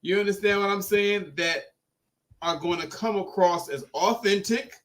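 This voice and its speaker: A man hosting a podcast, talking in an animated, emphatic and profane way. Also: high voice, normal speed. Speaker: podcast host. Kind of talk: casual podcast chat.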